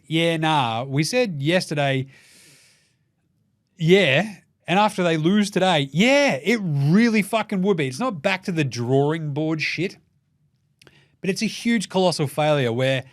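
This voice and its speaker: Sweary Australian bloke ranting about basketball. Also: male voice, fairly high pitch, no echo, studio quality. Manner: swears freely, acts out quoted people mid-rant. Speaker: host. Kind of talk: comedic sports commentary.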